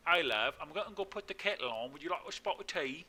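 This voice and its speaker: A man doing a deliberately bad, exaggerated British accent, cheery and hammy. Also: a little high, animated, bright, forceful tone, slight background noise, voice pushed up. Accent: fake British.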